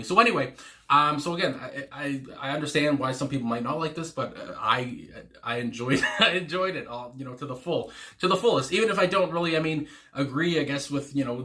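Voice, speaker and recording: A man chats casually through a music reaction, rambling and restarting his sentences, with lots of fillers and small chuckles. His voice sits at an ordinary pitch for a man, with a bright, forceful edge. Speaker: music reaction channel host.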